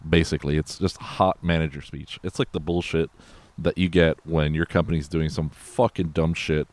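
Very deep-voiced man, rambling film chat. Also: flat delivery, moderate pace, no room sound. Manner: rambling, profane, loose and conversational. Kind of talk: casual film recap chat.

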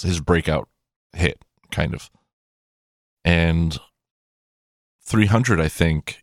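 A man's voice: sits low, no room sound, clean studio sound. A man rambling through casual commentary on a film from his own collection, with many fillers and restarts. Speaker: movie collection reviewer.

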